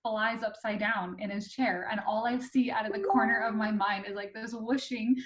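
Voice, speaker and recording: A young woman, a real estate agent and guest, tells an anecdote in an animated, breathless way, often laughing as she talks. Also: on the high side, normal speed, a loud crowd. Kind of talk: storytelling anecdote.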